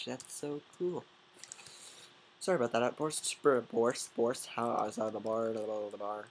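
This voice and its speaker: A man doing goofy, rambling solo game commentary with sudden yelling outbursts. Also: medium pitch, normal speed, noisy background. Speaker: gameplay commentator.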